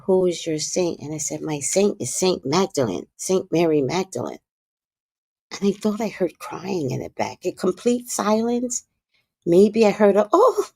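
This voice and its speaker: A woman with a low voice tells stories on a livestream, and her pitch leaps and dips all the way through. She drops to hushed asides and then bursts out loud, and she swears freely. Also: gravelly, breathy edge, no echo, clean studio sound. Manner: animated, swings from hushed asides to loud outbursts, profane. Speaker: livestream host. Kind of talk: casual storytelling chat.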